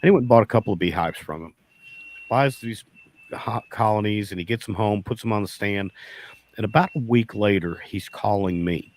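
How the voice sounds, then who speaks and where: A man's voice: lowish voice, brisk, darkish tone. Folksy man telling a bee story. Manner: folksy, repeats "I said" in quoted dialogue. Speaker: beekeeper guest. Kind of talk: casual storytelling.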